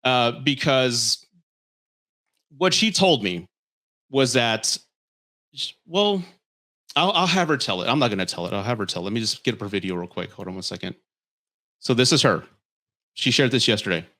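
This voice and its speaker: A man in the middle of a casual commentary vlog, speaking at an ordinary pitch. He sounds heated and blunt, drops swear words freely, and trips over his own restarts. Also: lively intonation, normal speed, long pauses, bright, forceful tone. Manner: stammering restarts. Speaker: commentary creator.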